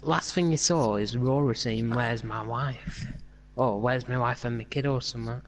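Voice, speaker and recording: A man's voice: mid-range voice, brisk, a little hiss or hum. Young guy rambling on a casual podcast, lots of ums and restarts. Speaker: podcast host. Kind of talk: casual chat while gaming.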